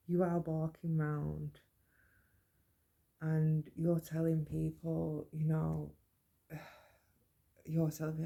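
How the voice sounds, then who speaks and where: A woman giving an earnest, measured personal monologue about mental health. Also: low voice, vocal fry, warm tone. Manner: earnest, measured, plain-spoken. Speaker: podcast host.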